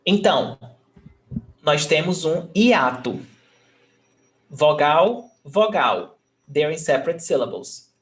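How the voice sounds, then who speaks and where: A man's voice: a little high, animated, moderate pace, slight background noise. A male Portuguese teacher giving an online lesson, patiently explaining grammar rules step by step and often checking that his student understands.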